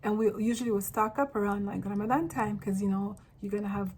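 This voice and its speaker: A woman from Africa talking straight to camera in a casual, animated monologue, full of rambling asides. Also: mid-range voice, fast talker, slight background noise, rough recording. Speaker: vlogger.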